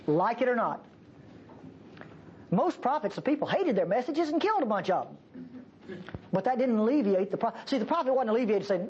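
A woman's voice: fairly high pitch, expressive, fairly quick, long pauses, darkish tone, dull audio, slight background noise. A woman preacher giving an emphatic, folksy sermon in a church.

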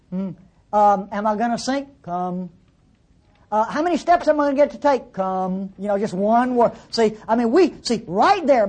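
A woman's voice: medium pitch, a little mellow, husky. A woman preaching a sermon in a conversational, teasing way, full of rhetorical questions.

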